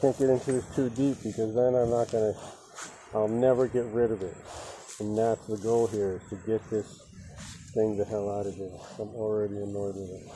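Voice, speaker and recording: A man's voice: fairly low pitch, level tone, moderate pace, dark tone, rough recording. A man working on a boat repair, grumbling and cursing in rambling asides to the viewers while holding the camera in one hand. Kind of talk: casual work vlog. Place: outdoors at a boat under repair. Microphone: handheld camera held in one hand. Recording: clear outdoor background noise.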